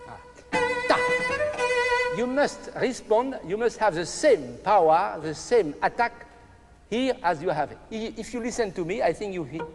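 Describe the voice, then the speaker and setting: A man's voice: high-pitched, unhurried, over loud music. An older man with a French accent coaching a cello master class, singing phrases on syllables. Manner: animated, sings phrases on syllables. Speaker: cello teacher. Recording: roomy hall with loud cello.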